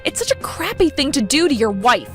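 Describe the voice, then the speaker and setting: A woman voice actor in a story video performs a humiliated young bride in a scripted relationship drama, sounding indignant and accusing. Her voice sits high and is fairly bright, very animated, and brisk, with faint background music.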